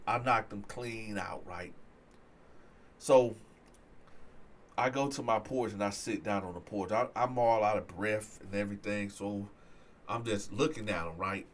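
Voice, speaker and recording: A man telling a personal story in casual talk to his viewers, getting louder and higher when excited. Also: measured pace, long pauses. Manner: animated, swings loud and high when excited. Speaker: storyteller host.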